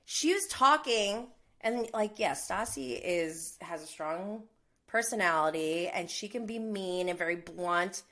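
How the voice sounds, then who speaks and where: Woman in her thirties, slow-paced gossipy chat, bright tone, indignant now and then. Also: fairly low pitch, expressive. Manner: chatty, many "like"s, laughs between lines; indignant outbursts. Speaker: reality TV commentator.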